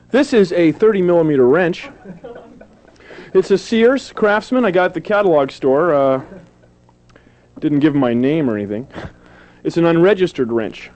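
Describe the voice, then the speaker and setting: A man's voice: fairly high pitch, animated, measured pace, pauses often, darkish tone. A man performing a silly, self-mocking stand-up comedy set on a television show. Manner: goofy, self-mocking, jumps into silly put-on voices. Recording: dull lo-fi old TV recording.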